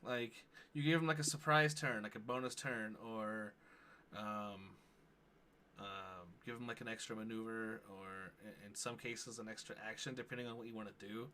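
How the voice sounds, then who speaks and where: A man in his thirties hosting a tabletop game stream, chatting loosely with lots of fillers and quick laughs. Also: lowish voice, steady tone, pushed and bright. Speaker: player and show host. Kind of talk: casual chat introducing a tabletop game stream.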